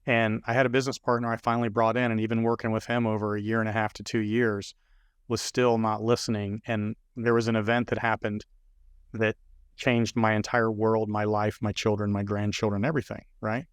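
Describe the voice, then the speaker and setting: Older man telling a lively business story. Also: lowish voice, fairly quick, clear, resonant tone, dry recording, clean studio sound. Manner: animated storyteller acting out dialogue. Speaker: business consultant guest. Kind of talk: storytelling in a podcast interview.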